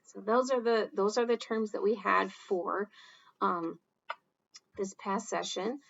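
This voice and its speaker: A woman teaching sign language in a casual, relaxed way, with lots of fillers. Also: mid-range voice, gravelly, highs cut off. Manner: slow, relaxed, with many fillers and acted example phrases. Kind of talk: casual instructional talk.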